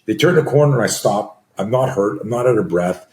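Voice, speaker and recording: Animated man in his sixties. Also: fairly low pitch, fairly quick. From Canada. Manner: animated, acts out scenes with screams and gasps. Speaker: guest, self-defense coach. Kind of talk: storytelling in a conversation. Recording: roomy echo.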